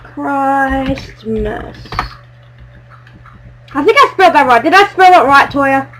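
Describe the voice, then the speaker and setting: A woman chatting excitedly while playing a building game with friends, silly and bubbly, breaking into squeals. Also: sits high, slow, slight background noise. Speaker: gamer playing on a friend's server. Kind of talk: excited let's-play chatter.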